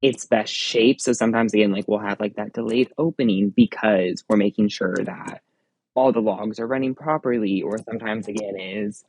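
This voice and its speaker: A man with a somewhat low voice tells a workplace story in a loose, conversational way. He keeps restarting his sentences with "again" and "like". The sound is dry and close, with no room around it. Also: moderate pace, a little mellow, breathy edge, dry recording. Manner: rambling, leans on fillers like "again" and "like". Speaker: theme park ride operator guest. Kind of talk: casual storytelling in an interview.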